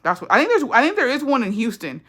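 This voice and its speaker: Young woman, casual storyteller: bright, blunt, profane, slips Spanish phrases into her talk. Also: fairly high pitch, huge pitch swings, fast.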